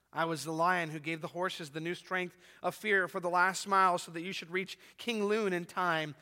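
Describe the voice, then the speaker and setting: A man voicing a vast, solemn male lion who speaks slowly and gravely, heard with long reverb. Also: sits high, sharp tone.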